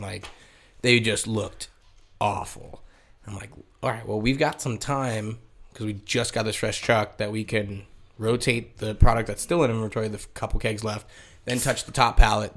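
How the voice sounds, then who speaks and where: A man with a fairly low voice chats casually, spinning anecdotes from his work. He slips into quoted exchanges and laughs easily. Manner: storytelling, animated quotes, laughs often. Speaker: brewery sales rep. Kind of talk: casual chat.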